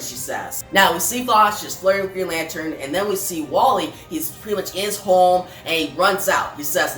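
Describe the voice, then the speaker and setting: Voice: medium pitch, animated, normal speed, hardly any pauses, sharp tone. A narrator casually retelling a comic book issue, reading each character's lines aloud with lots of fillers and restarts. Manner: reads dialogue aloud with frequent "he says"; loose, filler-heavy phrasing with restarts. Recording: roomy, distant mic with faint music.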